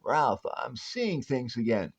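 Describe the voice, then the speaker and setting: A man's voice: medium pitch, very animated, slow, breathy edge, heavily acted. A man voicing a spirited, teasing young wife in a raised put-on voice, on a dull lo-fi recording.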